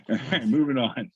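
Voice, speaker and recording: Halting casual man reading memes. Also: medium pitch, breathy edge, no room sound. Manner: halting, many fillers and restarts. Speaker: podcast co-host. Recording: dry, slightly muffled podcast audio.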